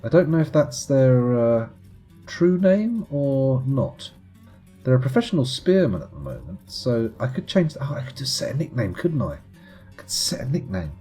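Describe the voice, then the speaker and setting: A man's voice: medium pitch, sing-song, normal speed, mellow, slightly rough, soft background music. A man streaming live gameplay commentary in a playful, chatty, self-mocking way.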